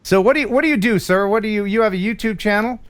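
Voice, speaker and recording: A man's voice: high voice, fast talker, fairly bright tone, clean tone. A man hosting a casual livestream chat, joking and teasing his guest. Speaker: host.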